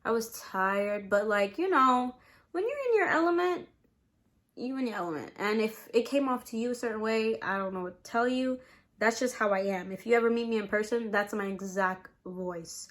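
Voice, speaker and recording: A young woman in college, chatting casually to camera as a vlogger while eating, relaxed and rambling with many fillers. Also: mid-range voice, moderate pace. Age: young adult. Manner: relaxed, rambling, lots of "like" and "you know".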